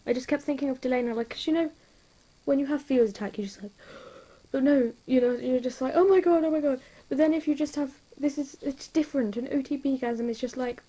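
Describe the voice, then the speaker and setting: A woman's voice: high-pitched, mellow. A woman with an English accent chatting to her followers in a gushing, rambling way, piling up repeated words for emphasis. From England. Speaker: vlogger. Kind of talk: casual chat to camera.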